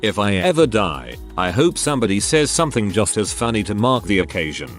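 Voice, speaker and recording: A man narrating online anecdotes in a steady, scripted storytelling delivery. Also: on the low side, a little fast, soft background music. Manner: reads first-person anecdotes aloud in a steady storytelling delivery.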